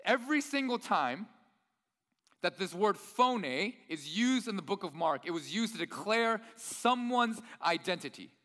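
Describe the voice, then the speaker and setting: A man's voice: high voice, big pitch swings, measured pace, fairly bright tone. A man preaching a sermon in a church hall, talking in an enthusiastic, nerdy, conversational way. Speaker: pastor.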